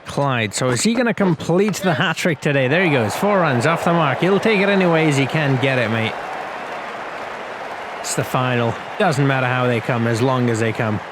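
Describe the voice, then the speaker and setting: A man's voice: medium pitch, normal speed, over a noisy crowd, very noisy. A man hosting a gaming video, giving casual play-by-play commentary in a chatty, rambling way with slangy asides.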